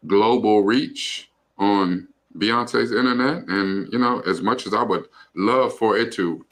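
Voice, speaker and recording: This livestream co-host speaks in a fairly low, slightly bright voice. His casual chatter wanders, loose and full of fillers, with a swear word here and there.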